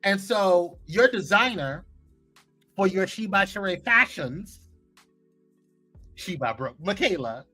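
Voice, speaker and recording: Male live-stream host, playful gossip chat, voice bouncing up and down with lively swings, faint music underneath. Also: high-pitched, takes it slowly, long pauses. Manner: animated, playful, teasing, chatty with frequent laughs. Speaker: live morning show host. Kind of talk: casual gossip chat, reading viewer comments live.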